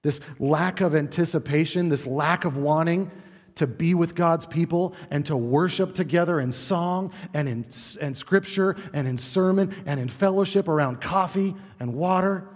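A man delivers a sermon from the front of a church, his voice slightly higher than most men's. He is earnest, rushing through some phrases and sinking low and soft on key lines. The sanctuary gives his words a long, lingering reverb. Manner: earnest, varies pace and volume, drops low for emphasis. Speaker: pastor.

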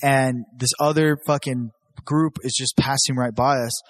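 A young man from Southern California, medium-pitched and at a normal pace with no echo, tells stories casually. He's animated and foul-mouthed, and his voice jumps up when he quotes people.

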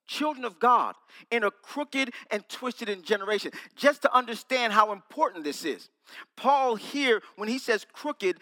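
A man delivers a sermon in a small room, his voice bright and pitched high. He playfully quizzes and teases the people listening. A long reverb trails behind each phrase. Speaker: preacher.

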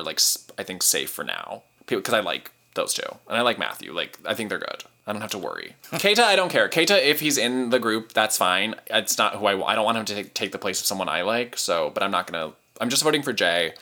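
A man hosting a podcast talks like an excited fan, peppering his chat with "like." His voice sits on the low side but swoops up and down a lot. The tone is bright. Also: a little fast. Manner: gushing, animated fan talk with many "like"s. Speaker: podcast producer and host. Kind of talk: casual chat.

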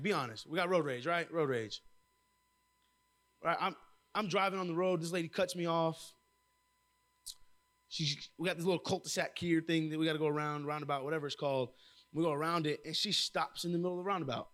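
A young man preaching a sermon, telling lively personal stories and calling out to the congregation. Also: a little high. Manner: lively storytelling with crowd call-outs. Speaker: church intern preaching.

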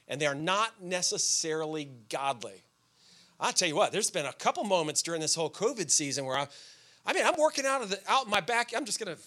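A man preaching a sermon as pastor, telling everyday stories with sudden shouted outbursts. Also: sits high.

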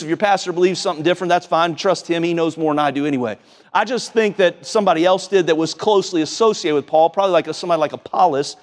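A man preaching a sermon in a folksy, excitable way, often repeating and restarting his words. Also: high voice. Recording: long hall reverb.

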